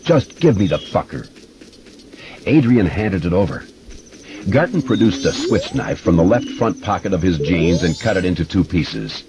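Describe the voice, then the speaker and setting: A man giving expressive, measured narration of a horror audiobook. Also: sits low, crowd noise. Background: music.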